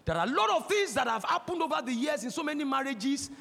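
High-voiced Nigerian preacher, impassioned. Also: male voice, very animated, fast, gravelly. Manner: impassioned, breaks into shouting. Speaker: pastor. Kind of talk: sermon. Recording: long hall reverb.

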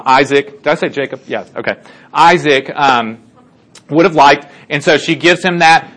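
Retelling a Bible story to a group, a Bible teacher talks casually in a slightly high, fairly bright voice. His manner is chatty, packed with fillers and restarts, and he keeps asking his listeners to agree.

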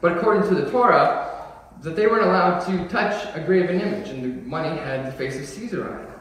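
Young male preacher, high voice, chatty sermon with emphatic calls, miked from a distance in a big reverberant hall. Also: fairly quick, fairly bright tone. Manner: casual, joking, builds to emphatic declarations. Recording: echoey hall, voice from far off.

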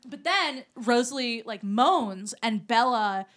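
A woman's voice: on the high side, lively intonation, takes it slowly. A woman hosting a live podcast, recapping a story in a chatty, giggly way full of fillers. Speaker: podcast host. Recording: live show with loud crowd noise.

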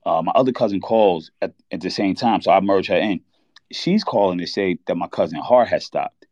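Man, deep voice, candid and halting, dull lo-fi sound, dry. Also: darkish tone, dry recording. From New York. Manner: candid, halting, reliving a loss. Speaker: podcast host. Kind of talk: emotional personal story on a sports talk show.

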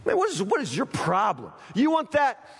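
A domineering ancient queen scolds her sulking husband in a bossy tone, voiced by a man preaching. The voice sits fairly high. It carries in a reverberant hall. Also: huge pitch swings, normal speed, husky, full character voice. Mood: scolding.

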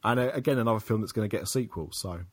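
A man with a lowish voice talks easily with a friend, stumbling through restarts and fillers as he gathers his thoughts. The recording is dry, with no room echo. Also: rapid-fire, breathy edge. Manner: conversational, hesitant with restarts and fillers. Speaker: podcast co-host. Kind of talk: casual chat.

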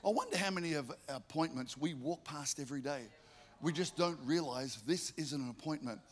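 A man preaches, piling up rhetorical questions and breaking into lively stories. His voice sits slightly high for a man, and he keeps returning to the same phrases to drive his point home. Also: brisk. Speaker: pastor. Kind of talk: sermon.

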